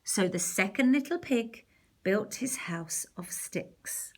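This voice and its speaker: A woman narrating a storybook in a soft, partly whispered voice. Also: mid-range voice, animated, slow. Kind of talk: storybook reading.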